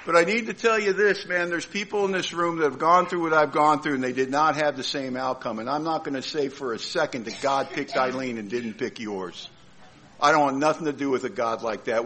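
A man's voice: mid-range voice, a bit bright, a little hiss or hum, poor audio. A middle-aged man telling a heartfelt, funny personal story to a meeting. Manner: heartfelt, humorous storyteller with comic timing. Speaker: speaker at a recovery meeting.

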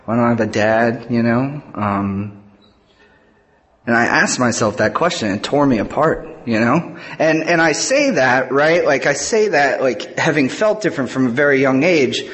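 A man giving a personal recovery testimony at a convention, halting and restarting, with frequent fillers. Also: mid-range voice, expressive, fairly bright tone. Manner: halting, full of "you know" and restarts. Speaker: convention speaker.

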